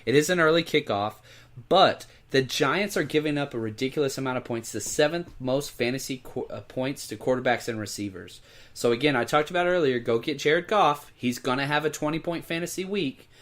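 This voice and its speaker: A man's voice: medium pitch, a little fast, fairly bright tone. A man co-hosting a podcast, talking through fantasy football picks in casual chat and urging listeners to make moves. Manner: emphatic, urging listeners to pick up players. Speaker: podcast co-host.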